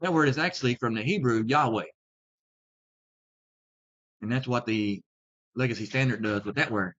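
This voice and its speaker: A man in a mid-pitched voice gives a deliberate video lesson as a Bible teacher. He leans hard on key words as he explains. The recording is a little dull and lo-fi. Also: a bit bright. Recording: slightly dull lo-fi sound.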